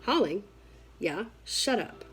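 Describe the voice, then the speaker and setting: A woman reading aloud, voicing a sharp-tongued sixteen-year-old sister who snaps blunt orders. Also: mid-range voice, very animated, takes it slowly, soft background music. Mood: annoyed. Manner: blunt, snapping. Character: teenage girl, sharp-tongued older sister.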